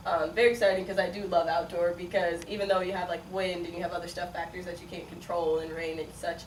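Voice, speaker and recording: A Midwestern college sprinter in her twenties, from Chicago and raised partly in Las Vegas, answers interview questions with a fairly low, flat voice at a quick pace. She's chatty, full of "like" and "um", and laughs often. The recording has an echoey room, a distant mic, and faint noise.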